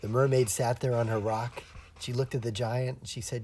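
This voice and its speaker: A male storyteller telling an interactive story to young children, animated and expressive, asking the children questions. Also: medium pitch, normal speed. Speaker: storyteller and illustrator.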